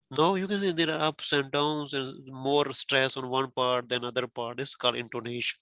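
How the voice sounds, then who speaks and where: This man, a non-native English speaker working as a test prep teacher, goes carefully over exam criteria with a student, asking questions and repeating points. He speaks at medium pitch in a steady, bright, forceful tone, at normal speed with few pauses, and there's no room sound.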